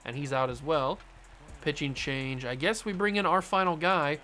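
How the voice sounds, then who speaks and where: Young man, gaming commentary, excitable play-by-play, slightly high voice, jokey. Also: moderate pace. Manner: excitable, jokey play-by-play with sudden loud outbursts. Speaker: gaming YouTuber. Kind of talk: casual gameplay commentary.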